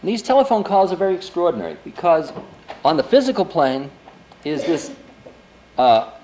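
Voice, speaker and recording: A man's voice: sits high, sing-song, moderate pace, a little mellow, a little hiss or hum, rough recording. A man in his forties, a spiritual teacher giving a lecture, telling a story in a loose, conversational way full of "you know" and "I mean". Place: lecture before an audience.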